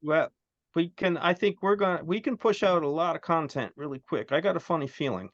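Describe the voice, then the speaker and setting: A man chatting casually as co-host, telling stories in a rambling, animated way with many restarts. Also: on the high side, fairly quick, no room sound, lo-fi sound. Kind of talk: casual chat.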